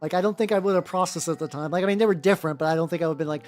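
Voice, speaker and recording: A miniature-painting streamer with a mid-range voice talks very fast while painting, chatting casually and rambling through tangents. The delivery is animated and full of fillers, with faint music in the background.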